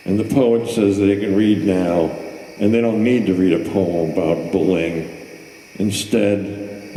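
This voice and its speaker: Low-voiced man reading in an echoey hall. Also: mellow. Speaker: host and poet. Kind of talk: poetry reading. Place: hall at a poetry event.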